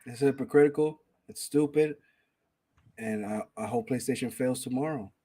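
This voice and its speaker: A man's voice: mid-range voice, moderate pace, mellow, breathy edge. A man hosting a casual gaming podcast, ranting with heavy profanity and reading out chat names. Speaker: podcast host.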